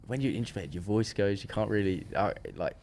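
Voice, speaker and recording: A young man shares a personal story on a podcast, his voice sitting a little low for a man. He talks in an animated, tumbling way, restarting sentences as he goes. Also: fairly quick. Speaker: podcast guest. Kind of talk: casual storytelling chat.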